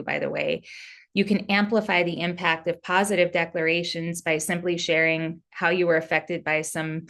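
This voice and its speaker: A woman's voice: on the low side, fairly bright tone. A woman therapist talking casually about relationship communication, candid and loose, with fillers and example phrases. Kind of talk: relationship advice talk.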